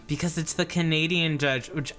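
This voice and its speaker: A man's voice: on the high side, steady tone, normal speed, fairly bright tone, faint music behind. A man co-hosting a game stream, teasing and laid-back in casual chat. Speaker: streamer co-host.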